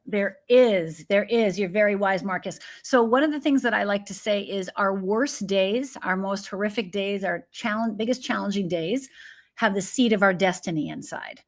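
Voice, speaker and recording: Speaking at a moderate pace in a mid-range voice, a woman from Upper Michigan, USA, shares her own story as a guest life coach in an interview. She's a vivid storyteller who performs the quoted voices of people she mentions.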